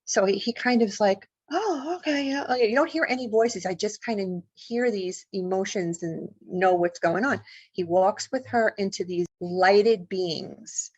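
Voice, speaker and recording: A woman's voice: medium pitch, a little slow, a little mellow, breathy edge, no room sound, highs cut off. A woman guest, an author and paranormal investigator, telling a personal story in an interview with vivid, emotional delivery and acted-out lines. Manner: vivid, emotional storytelling, acts out what people said.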